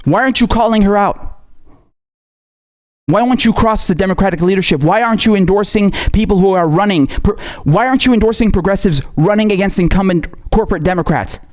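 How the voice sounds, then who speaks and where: A man's voice: sits high, a little fast. A male political commentator ranting angrily, swearing often and firing off rhetorical questions. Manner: angry, profane, hammering rhetorical questions.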